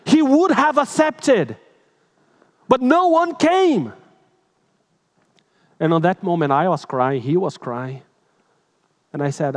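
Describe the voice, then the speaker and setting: A male pastor preaching an emotional sermon through personal stories, animated and dramatic, shifting between loud and hushed, with slightly broken English phrasing. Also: medium pitch, slow, long pauses.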